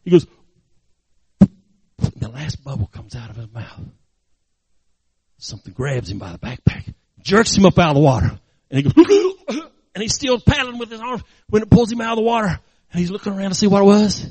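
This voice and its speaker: A man's voice: sits high, lively intonation, quick pace, dry recording. A man preaching, telling a story dramatically with emphatic, repeated phrases. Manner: emphatic, repetitive, dramatic narration. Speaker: pastor. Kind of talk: sermon storytelling.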